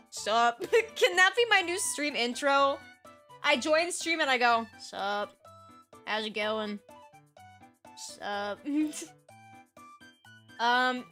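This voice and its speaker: Young woman streamer: bright, lively chatter full of fillers and laughs, a touch hoarse and tired, faint music underneath. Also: fairly high pitch. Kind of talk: casual chat recapping a role-play game.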